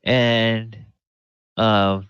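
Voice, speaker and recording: A man with a very deep voice runs a tabletop game as game master, talking slowly and thinking aloud with plenty of fillers. He sounds close and dry, with no room around him. The audio is dull and lo-fi. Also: little pitch movement, fairly bright tone, clean tone, dry recording.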